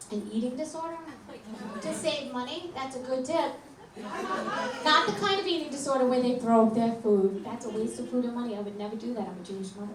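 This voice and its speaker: A woman in her forties performs stand-up on a club stage, her voice high and her jokes deadpan, often breaking into laughter. The recording is roomy and distant, with a loud crowd and heavy noise behind her. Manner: deadpan one-liners with frequent laughs. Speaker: stand-up comedian. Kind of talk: stand-up set. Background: loud crowd laughter and room noise.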